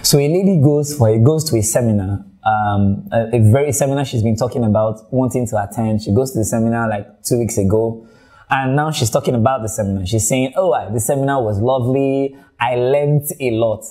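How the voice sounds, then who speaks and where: Man, Nigerian accent, warm mellow tone, conversational tutor, repeats himself. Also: medium pitch, a little fast. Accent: Nigerian English. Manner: conversational, repeats words while thinking. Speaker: IELTS tutor. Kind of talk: online teaching video.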